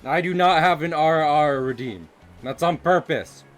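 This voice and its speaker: A man's voice: fairly high pitch, unhurried, a bit bright, faint music behind. A man chatting casually on a live stream while drawing, rambling and giggling between his remarks. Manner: giggly, rambling, often laughing and restarting. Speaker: livestreaming artist.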